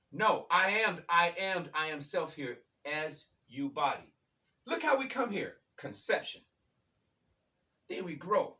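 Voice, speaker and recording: A man with a bright, slightly high voice speaks an emphatic, repetitive spiritual monologue. He keeps circling back to his points and calls his listeners "baby". His voice sits a little back from the microphone. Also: big pitch swings, a little slow, distant mic. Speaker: channel host.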